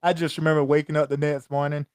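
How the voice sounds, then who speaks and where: A man's voice: on the high side, little pitch movement, quick pace, clear, resonant tone, no echo, studio quality. A man co-hosting a podcast in casual chat, eager and stumbling over his words as he jumps in on his friend. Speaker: podcast co-host.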